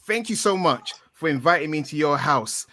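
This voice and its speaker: A British man in his thirties, a guest on a podcast, joking loudly and playfully. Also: on the high side, expressive, fairly quick, no room sound. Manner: playful, loud, jokey.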